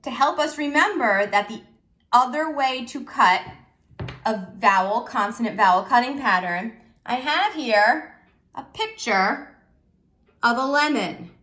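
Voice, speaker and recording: A woman teacher giving a slow, patient phonics lesson to children, asking them questions as she goes. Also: a little high, animated, pushed and bright.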